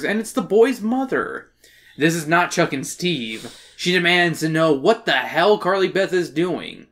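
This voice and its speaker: A woman hosting a casual podcast, recapping a children's horror book with jokes and swearing. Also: low-pitched. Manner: animated, swearing, joking recap. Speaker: podcast host. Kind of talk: casual chat, summarizing a book.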